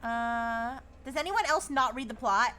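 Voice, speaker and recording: Giggly high-voiced woman streamer. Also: a little slow, pushed and bright, faint music behind. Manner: giggly, reads chat aloud and riffs on it. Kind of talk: casual live-stream chat.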